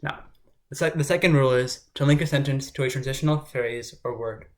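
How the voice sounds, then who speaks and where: A man's voice: mid-range voice, fairly quick. A man working as a test prep tutor, explaining grammar rules in an informal way and often checking in with listeners. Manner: informal, talks it through with frequent "right?" check-ins.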